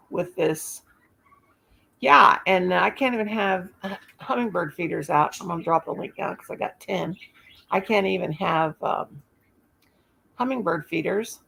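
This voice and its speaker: A woman's voice: lowish voice, vocal fry, fairly bright tone, breathy edge. A woman hosting a casual live stream from home, rambling and chatting with viewers and often stopping to search for words. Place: home, in the dark with one light on.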